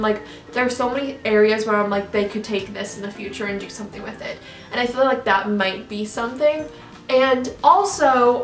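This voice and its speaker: A woman's voice: on the high side, far from the mic. A young woman YouTuber rambling through a casual reaction rant, full of "like" and restarts. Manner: rambling, filler-heavy, lots of "like". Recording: echoey room, off-mic, faint music.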